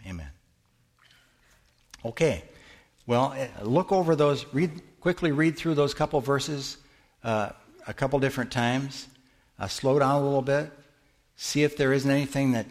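A middle-aged male pastor giving a conversational sermon in a church, asking the congregation questions and answering them. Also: medium pitch. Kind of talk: interactive sermon teaching.

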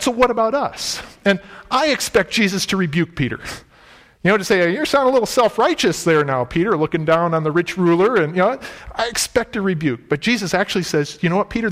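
A male preacher with a fairly high voice, delivering a sermon in a relaxed, conversational way. He leans hard on key words and retells scripture in plain modern speech. The sound carries a long reverb, like a large church hall. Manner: conversational, emphatic, paraphrasing scripture in everyday speech.

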